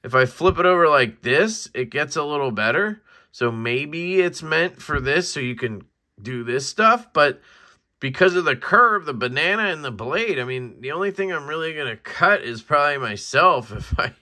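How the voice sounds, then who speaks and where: A man with a bright, forward voice chats his way through a knife unboxing. He rambles, restarts his sentences and fills the gaps with "um" and "right?". He keeps shrugging off his own skills with easy self-deprecation. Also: a little high, animated, moderate pace. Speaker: knife reviewer. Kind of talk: casual unboxing vlog.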